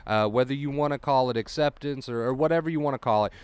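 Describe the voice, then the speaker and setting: A man's voice: mid-range voice, fast, darkish tone, smooth, no room sound. A man coaching anxious listeners in a blunt, profane monologue. He drives home each point by repeating it. His voice sits in an ordinary middle range, recorded dry and close. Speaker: anxiety recovery coach.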